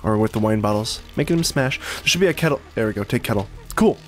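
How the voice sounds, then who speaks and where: A man giving casual commentary on a game, excitable and jumpy, swearing and laughing when startled, recorded at home on a desktop mic. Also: lowish voice, quick pace. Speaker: let's play gamer. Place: room at home.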